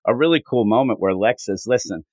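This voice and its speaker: Here a medium-pitched male co-host talks comics in an easygoing podcast chat, bringing characters' lines to life with fast, animated voices. No echo is present, though the recording is rough.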